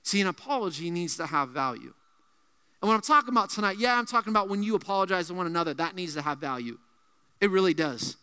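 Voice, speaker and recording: A man preaching a youth sermon as pastor, emphatic and repetitive, dropping his voice low to land key points. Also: animated, quick pace, bright, forceful tone, clear, resonant tone, long reverb tail. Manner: emphatic, repeats key phrases, drops low on punch lines.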